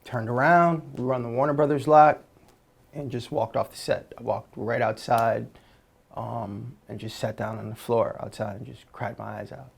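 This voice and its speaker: A man telling stories in a relaxed, slangy way as an interview guest, with many fillers and restarts. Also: medium pitch, moderate pace, vocal fry, breathy edge. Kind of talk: casual storytelling.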